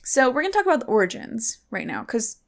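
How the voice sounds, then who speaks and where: A chatty woman from Kentucky presents the episode's topic in a loose, casual podcast style. Her voice sits a little high, and she laughs easily and sometimes slips into loud mock shouting. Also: sing-song, fast, creaky.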